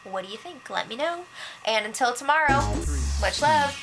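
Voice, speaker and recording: A woman's voice: high-pitched, lively intonation, music in the background, poor audio. A young woman hosting a casual recap vlog, chatty and gossipy, quoting others as she goes. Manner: chatty gossiping, quick quoted voices, fillers like "like". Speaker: show update host.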